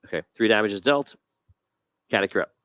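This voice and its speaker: A man's voice: on the low side, fairly quick, dry recording. A man running a tabletop game as game master, narrating the action and calling each player's turn. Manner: animated, directs players' turns.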